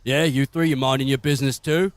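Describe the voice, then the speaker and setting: A man's voice: medium pitch, fairly even intonation, fast talker, no echo, pitched above the performer's own voice, natural voice. A man voicing a suspicious male prison guard who questions prisoners curtly. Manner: interrogating, curt.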